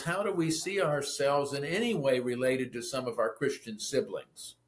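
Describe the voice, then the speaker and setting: A man's voice: medium pitch, moderate pace, a loud crowd. A man speaking as an interview guest, a theologian and pastor, talking thoughtfully and often restarting his sentences. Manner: thoughtful, with frequent restarts and stammers. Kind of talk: conversational interview.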